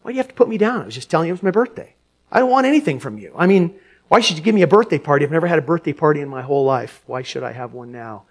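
A man's voice: a little high, lively intonation, racing, pitched below the performer's own voice. A man putting on a timid, weary middle-aged woman. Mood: hurt, pleading. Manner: pleading, hesitant, soft-spoken.

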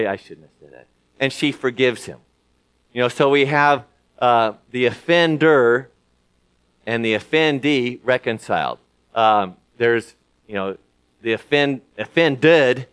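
A man preaching a sermon in a conversational way, often pausing with fillers and restarting his sentences. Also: mid-range voice, a bit bright, clean tone. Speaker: pastor.

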